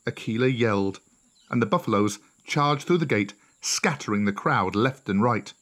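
A man narrating a children's storybook in a steady, clear voice. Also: fairly low pitch, moderate pace. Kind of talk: storybook reading.

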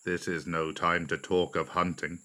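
Narrator doing an old elephant, deep, quiet, grave, storybook. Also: male voice, flat delivery, normal speed. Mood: stern. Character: old, wise male elephant, calm master of the jungle.

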